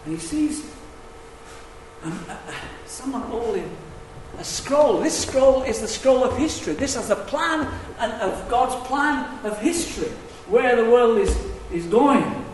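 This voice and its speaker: A preacher with a high voice delivers a sermon a little slowly, his pitch lively and sweeping as he sinks to hushed asides and then climbs to loud, emphatic declarations. He sounds distant in an echoey hall full of long reverb, with a slight hiss or hum.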